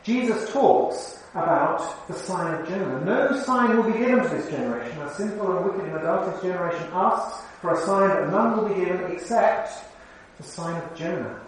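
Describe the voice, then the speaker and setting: A man with a fairly high voice and lively intonation preaches a conversational sermon at a moderate pace with hardly any pauses, putting questions to the congregation. The mic is far off in a very echoey hall, with faint background sound.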